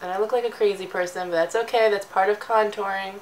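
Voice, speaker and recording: A woman's voice: mid-range voice, steady tone, fast, poor audio. A young woman giving a chatty, jokey makeup tutorial as a beauty vlogger.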